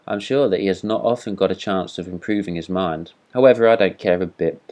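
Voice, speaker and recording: A man's voice: sits low, brisk, a little mellow, lightly acted. A man voicing a vain, boastful firework rocket in a storybook reading, speaking in a haughty, self-important manner.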